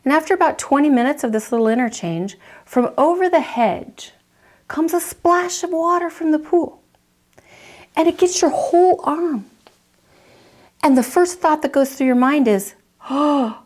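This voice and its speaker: A woman counselor teaching a lesson, telling a story vividly and acting out the reactions in quick asides. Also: high-pitched, darkish tone.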